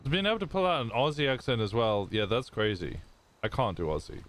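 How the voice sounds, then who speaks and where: A man's voice: mid-range voice, expressive, fairly quick, a bit bright, a little hiss or hum. A male streamer chatting casually out of character during a role-play stream, curious and swearing freely, often trailing off mid-sentence.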